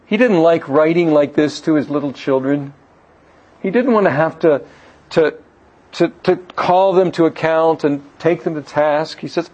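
Earnest preacher man, slightly high voice. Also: normal speed, a little mellow. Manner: earnest, asks the listeners questions; repeats words when restarting a phrase. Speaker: preacher teaching on a Bible letter. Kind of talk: sermon-style Bible teaching. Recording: dull lo-fi recording.

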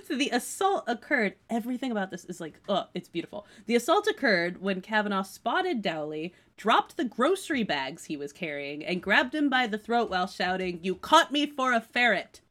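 A woman's voice: mid-range voice, very animated, normal speed, a bit bright. A woman from the United States co-hosting a podcast, chatting casually and reading out a news story with lots of "like" and laughter. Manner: chatty, laughs often, fills with "like". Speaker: podcast co-host.

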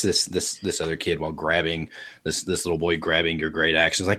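A man narrating as game master, animated and laughing, jumping into high squeaky voices for townsfolk. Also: fairly quick.

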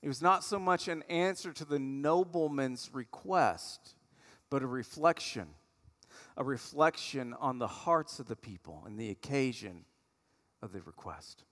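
A pastor delivers a sermon as conversational storytelling, acting out the voices of people in the story. His mid-range, slightly bright voice is animated and measured in pace, with long hall reverb on the recording.

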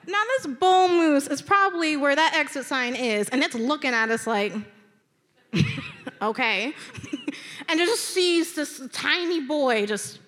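A woman telling a personal story to an audience from a stage, in an animated, conversational way with dramatic emphasis. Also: high voice, unhurried. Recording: long hall reverb.

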